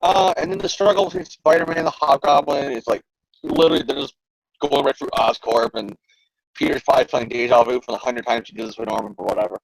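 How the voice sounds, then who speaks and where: Gravelly, animated man in casual chat. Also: medium pitch, fast, dry recording, rough recording. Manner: animated, profane, jokey. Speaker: podcast co-host. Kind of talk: casual comic-book discussion.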